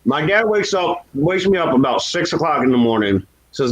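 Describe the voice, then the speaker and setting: In poor audio, a man with a sing-song voice and moderate pace talks casually and candidly about his past. He laughs at his own story in a self-deprecating way and lifts his voice to act out others.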